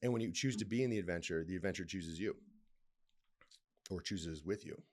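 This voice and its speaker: A man's voice: low voice, fairly quick, a little mellow. Playful laughing male podcast host. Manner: laughs often, swears, reads aloud and comments; playful, rambling. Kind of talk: casual solo podcast talk.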